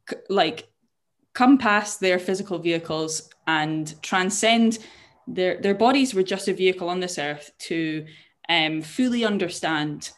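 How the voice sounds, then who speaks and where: A woman's voice: mid-range voice, fairly bright tone. A young woman co-hosting a casual chat show, explaining a story in a jokey, swearing way with frequent laughs and restarted words. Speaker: podcast co-host.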